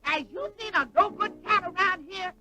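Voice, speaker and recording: A woman's voice: very high voice, moderate pace. A woman voicing a stern, no-nonsense middle-aged housekeeper with a Southern accent in an old cartoon. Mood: angry. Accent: American Southern. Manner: bossy, scolding. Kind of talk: 1940s cartoon voice acting. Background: cartoon music.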